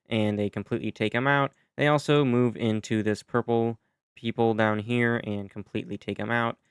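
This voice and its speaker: A man's voice: lowish voice, clean tone, dry recording. Brief: casual male video narrator, dry close-mic sound, talks through events with asides. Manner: chatty, explains with asides and self-corrections. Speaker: YouTube narrator. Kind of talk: casual narration of a map simulation.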